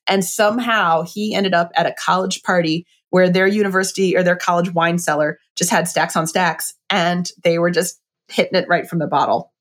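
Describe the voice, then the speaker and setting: A middle-aged woman chatting casually and enthusiastically about wine and a book, with lots of fillers. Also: fairly low pitch.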